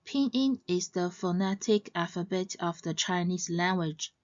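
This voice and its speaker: Woman, scripted lesson narration, unhurried, explanatory, muffled lo-fi sound. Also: lowish voice, no room sound. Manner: measured, clearly explaining. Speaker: language teacher.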